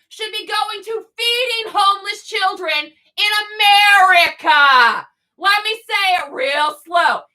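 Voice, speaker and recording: A young adult woman co-hosting a podcast, delivering an angry, sarcastic, swear-filled comedic rant with frequent shouting. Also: extremely high pitch. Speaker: podcast co-host.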